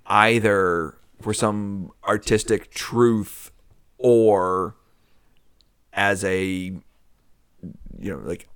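A man's voice: on the low side, steady tone, very slow, long pauses, fairly bright tone, clean tone, no room sound, clean studio sound. A man co-hosting a podcast, chatting casually about a movie, laughing often and slipping into jokey voices. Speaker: podcast co-host. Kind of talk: casual movie review chat.

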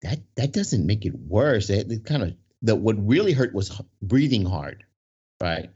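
Man, low voice, rambling storyteller, keeps asking right, muffled lo-fi audio. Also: big pitch swings, moderate pace, darkish tone, breathy edge. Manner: rambling, full of "right?" and restarts. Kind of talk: casual storytelling in conversation. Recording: dull lo-fi sound.

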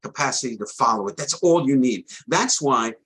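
A middle-aged man, a trading coach, giving a rambling sales pitch for his course and often stammering and restarting. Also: expressive, normal speed, a bit bright, slightly rough, poor audio.

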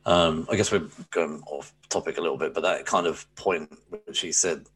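Very deep-voiced hesitant man. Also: fairly even intonation, a bit bright, breathy edge. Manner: hesitant, halting with many ums. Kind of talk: casual discussion.

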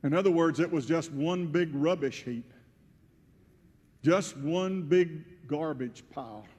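A pastor preaching a sermon, retelling a scripture story in first person and swelling to loud, emotional peaks. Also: male voice, fairly high pitch, takes it slowly, slightly rough. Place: church sanctuary. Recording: church hall with long reverb.

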